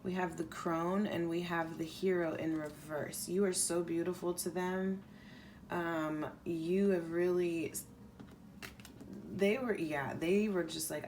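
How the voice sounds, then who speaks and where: A woman's voice: on the low side, steady tone, takes it slowly, darkish tone, a little hiss or hum. A woman giving a casual pick-a-pile tarot reading, rambling loosely and leaning on "like" as she talks through the cards. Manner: casual, rambling, heavy use of "like". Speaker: tarot reader.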